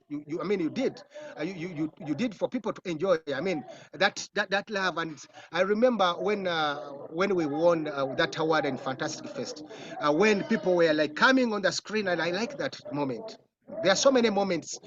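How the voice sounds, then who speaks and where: A man with a Ugandan accent, a film director, telling lively stories in an interview and acting out other people's voices. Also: sits high. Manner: animated storytelling, acts out voices, laughs often. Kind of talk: casual interview answers. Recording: dull, muffled audio.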